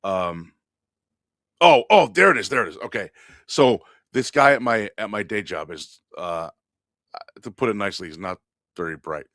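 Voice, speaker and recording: A man's voice: lowish voice, moderate pace, creaky, long pauses, no echo, clean studio sound. A man co-hosting a comedy podcast, telling a workplace story in casual chat, swearing freely and laughing at his own punchlines. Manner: profane, animated, laughs while telling stories. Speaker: podcast co-host.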